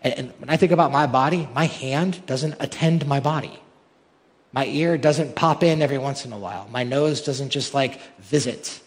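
A man's voice: mid-range voice, normal speed. Man preaching in a reverberant church hall. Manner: rhetorical, building to emphatic peaks. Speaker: pastor. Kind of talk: sermon.

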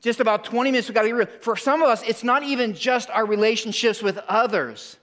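A man preaching a sermon in a church, emphatic, drawing in the congregation with questions and pauses. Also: very high voice, fairly bright tone. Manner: emphatic, calls for audience response, dramatic pauses. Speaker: pastor. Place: church sanctuary.

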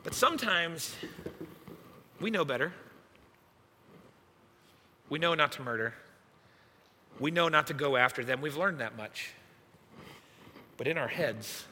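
Youngish guy preaching, youth pastor, kinda high voice, super bright and tense, big echoey hall. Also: unhurried, long pauses, slight background noise. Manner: animated, self-mocking storyteller. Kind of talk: sermon storytelling.

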